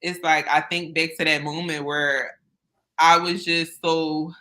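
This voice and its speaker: Bright-voiced woman telling her story. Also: deep voice, level tone, unhurried, poor audio. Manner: earnest and candid, casual speech with fillers. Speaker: interview guest, business owner. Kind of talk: personal storytelling in conversation.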